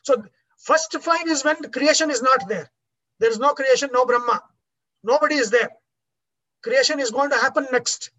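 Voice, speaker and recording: A woman's voice: high-pitched, moderate pace, long pauses, a bit bright, rough recording. A woman teaching a class on Vedic chanting, explaining patiently with many fillers.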